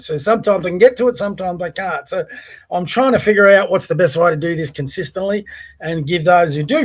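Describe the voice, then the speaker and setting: A man with an Australian accent hosting a casual daily podcast, rambling and chatty, stopping to talk to his dog. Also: on the high side. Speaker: podcast host. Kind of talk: casual solo vlog chat. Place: home by the bay.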